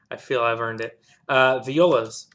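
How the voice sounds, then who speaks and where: A man's voice: medium pitch, takes it slowly. A man explaining how he arranged an orchestral piece, casually scatting the instrument parts aloud to show how they move. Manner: hums and scats parts aloud, relaxed and self-deprecating. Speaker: composer teaching orchestration. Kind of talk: casual walkthrough lesson. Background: orchestral playback music.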